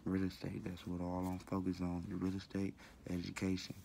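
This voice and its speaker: Gravelly deep-voiced man, slangy vlog talk. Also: completely flat delivery, brisk, mellow, a little hiss or hum. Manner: loose, repetitive, slangy and cussing. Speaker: vlogger. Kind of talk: casual talk to camera.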